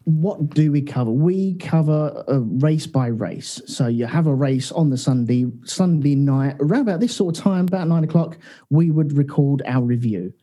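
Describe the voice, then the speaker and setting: A man's voice: a little high, animated, normal speed, mellow. A man co-hosting a podcast, telling its backstory in a laid-back, jokey way. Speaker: podcast co-host. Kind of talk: casual chat.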